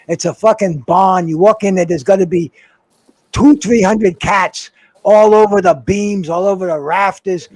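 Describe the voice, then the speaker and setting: A man with a high voice tells a meandering story, stumbling over words and swearing freely. The sound is close and dry, with almost no room behind it. He talks like a guest chatting on a call-in show. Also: moderate pace, darkish tone, no echo. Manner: rambling, heavy swearing, repeats words.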